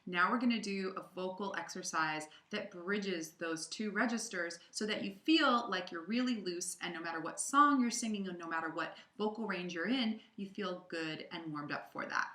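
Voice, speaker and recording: A woman voice coach leading a guided vocal warm-up lesson, cueing and counting the singer through each exercise in an encouraging way. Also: mid-range voice. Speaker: voice and audition coach. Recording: roomy sound with piano behind. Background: piano accompaniment.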